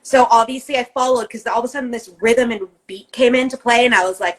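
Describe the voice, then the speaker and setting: A woman's voice: on the high side, brisk, few pauses, fairly bright tone, low-quality recording. A woman co-hosting a podcast in casual chat, telling a long personal story in a rambling, emphatic way and swearing often. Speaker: co-host.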